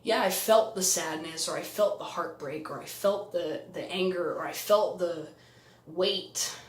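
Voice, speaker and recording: A young adult man talking candidly in a personal vlog, reflective and halting, with frequent restarts. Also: high voice. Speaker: vlogger. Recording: echoey room.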